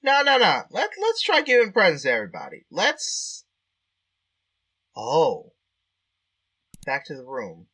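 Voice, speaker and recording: A man plays through a text game, reading it out and thinking aloud in a chatty, easily amused way. His voice is fairly high and bright, with a very lively, swinging pitch. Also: unhurried, long pauses, breathy edge. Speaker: game player. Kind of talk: let's-play commentary and reading game text.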